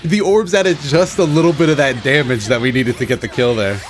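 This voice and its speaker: A man giving excited, self-mocking commentary over his own fighting-game matches, groaning at losses and cheering at wins. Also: medium pitch, fairly quick. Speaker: gaming channel host. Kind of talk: live gameplay commentary. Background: game music and sound effects.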